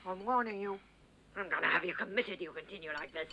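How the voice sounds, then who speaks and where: An actress playing a sharp-tongued older mother who nags and scolds her grown son, in a dubbed film. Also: mid-range voice, fast, noisy background, close to an everyday voice. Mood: scolding. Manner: nagging, scolding.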